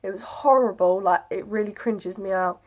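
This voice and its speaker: A woman's voice: medium pitch, moderate pace. A young woman, chatting casually to camera as she retells an experience. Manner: chatty, animated retelling with quoted voices. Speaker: vlogger. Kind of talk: casual storytelling vlog.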